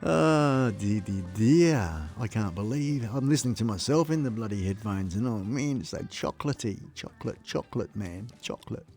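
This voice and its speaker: A man's voice: on the low side, animated, moderate pace, hardly any pauses, warm tone. An Australian man chatting casually on a live stream, jokey and laughing often, talking to his chat viewers close to his microphone at home. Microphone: close desk microphone. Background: faint music.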